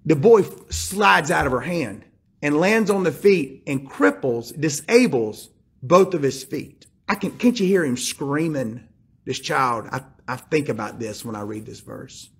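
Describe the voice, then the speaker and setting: A man's voice: a little high, lively intonation, a little slow, slightly rough. A male pastor preaching a sermon, retelling a scripture story with emphatic, direct appeals to his listeners.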